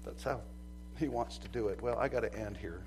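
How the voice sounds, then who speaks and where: A man preaching a sermon as pastor, animated, acting out quoted voices and swinging from loud to soft. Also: lowish voice, fast, noisy background. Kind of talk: lively sermon.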